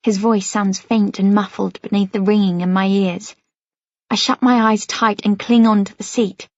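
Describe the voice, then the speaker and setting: A woman's voice: mid-range voice, steady tone, normal speed, no echo. A woman narrating a first-person novel as an audiobook, reading expressively and anxiously. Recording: dry, slightly dull studio sound.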